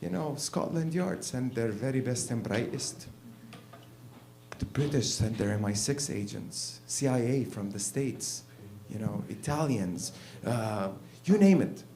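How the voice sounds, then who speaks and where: A man's voice: medium pitch, lively intonation, a little slow, mellow. A man performing a stand-up comedy set on a live stage, in a rambling, irreverent way. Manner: rambling and irreverent, many "you know"s.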